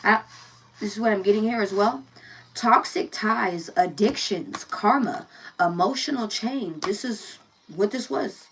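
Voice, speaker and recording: A woman's voice: medium pitch, lively intonation, unhurried, husky, distant mic. A woman giving a casual tarot reading, blunt and profane, firing rhetorical questions and repeating herself. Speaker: tarot reader.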